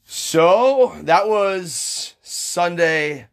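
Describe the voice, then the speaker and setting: A man's voice: high-pitched, lively intonation, drawn-out words. A young man chatting casually on a podcast, rambling with lots of fillers, restarts and swearing. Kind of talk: casual storytelling chat.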